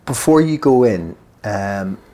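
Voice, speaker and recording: A man hosting a podcast interview, asking questions with relaxed, dry asides. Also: fairly low pitch, slow. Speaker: podcast host. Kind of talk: conversational interview.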